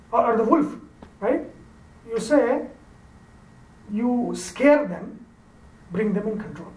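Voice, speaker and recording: A man's voice: extremely high pitch, far from the mic. A man teaching through an old fable in a loose, conversational way with frequent fillers. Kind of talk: informal storytelling lecture. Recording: roomy echo, off-mic, faint ambience.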